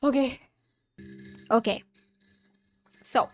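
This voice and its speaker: High-voiced young woman reacting. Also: fairly even intonation, drawn-out words, soft background music. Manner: exasperated, swears, talks straight to viewers. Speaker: anime reaction host. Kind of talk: casual reaction commentary.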